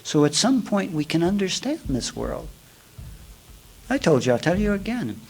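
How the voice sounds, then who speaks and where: A man teaching yoga in a spiritual talk, telling folksy stories with jokes and swinging between loud and hushed. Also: high-pitched, very animated, moderate pace, husky, low-quality recording. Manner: folksy, storytelling with jokes and asides.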